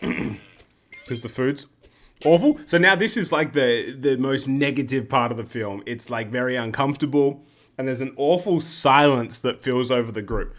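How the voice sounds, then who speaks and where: A man's voice: medium pitch, normal speed, fairly bright tone. Rambling joking male gamer. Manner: rambling, joking, self-interrupting. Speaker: gaming video host. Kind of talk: casual game commentary.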